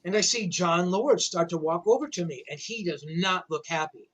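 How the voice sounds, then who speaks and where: Speaking at a moderate pace in a high, fairly bright voice, the man, a rock journalist in his sixties, rambles through a long anecdote on a video call. His delivery is casual and loaded with "you know, man."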